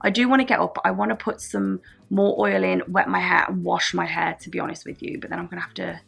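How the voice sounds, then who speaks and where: A woman's voice: fairly low pitch, flat delivery, fast, gravelly, fairly bright tone, breathy edge. A woman chatting casually to camera from her bed, retelling events and quoting what everyone said. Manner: chatty, recounts events with lots of quoted back-and-forth. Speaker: vlogger. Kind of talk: casual storytime vlog. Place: lying in bed at home.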